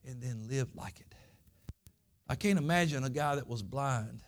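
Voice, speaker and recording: A man's voice: mid-range voice, expressive, a little slow, pauses often. A man preaching a Sunday school lesson, telling his own testimony in folksy, earnest, plain country speech. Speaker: pastor.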